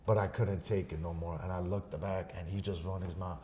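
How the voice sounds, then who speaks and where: A man on a podcast telling a story in a casual, profane way, swinging between loud bursts and hushed asides. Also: deep voice, steady tone, fairly quick, slight background noise. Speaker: podcast guest.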